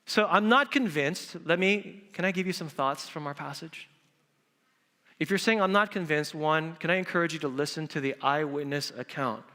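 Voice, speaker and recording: A male pastor preaching an Easter sermon in a church, animated and acting out quotes in different voices. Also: on the high side, moderate pace. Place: church sanctuary. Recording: reverberant church hall.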